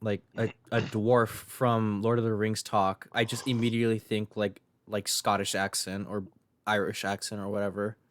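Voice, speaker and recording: A man's voice: on the low side, little pitch movement, moderate pace. A man co-hosting a podcast in casual chat, laughing often and talking with lots of fillers. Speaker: podcast co-host.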